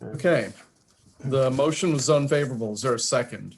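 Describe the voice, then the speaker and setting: Brisk man chairing a committee vote. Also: medium pitch, vocal fry, slight background noise. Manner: brisk, procedural, dryly joking. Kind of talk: chairing a legislative session.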